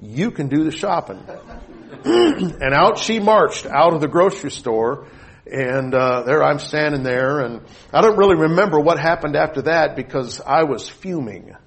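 Man, middle-aged, husky, a bit high-pitched, preaching, lively storytelling. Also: unhurried. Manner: storytelling with rising excitement, reads scripture aloud. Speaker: pastor. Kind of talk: sermon.

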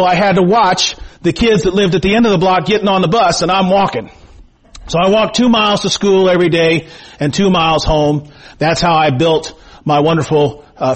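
A middle-aged male pastor preaching a sermon, reading scripture and praying slowly, then telling stories folksily with many fillers. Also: sits high. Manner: slow, measured scripture reading and prayer; folksy storytelling with frequent fillers. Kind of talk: sermon with prayer and personal storytelling. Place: church sanctuary.

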